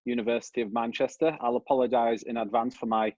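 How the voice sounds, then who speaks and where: A man's voice: medium pitch, little pitch movement, quick pace, darkish tone, no room sound, dull audio. A man with a Yorkshire accent giving a conversational academic presentation over a video call. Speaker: researcher giving a talk.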